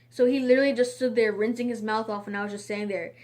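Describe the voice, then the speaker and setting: A woman's voice: fairly high pitch, fairly even intonation, fast, a little mellow. Chatty young-sounding woman telling stories. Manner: rambling, chatty, lots of "like" and "um". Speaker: vlogger. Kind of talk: casual storytime monologue.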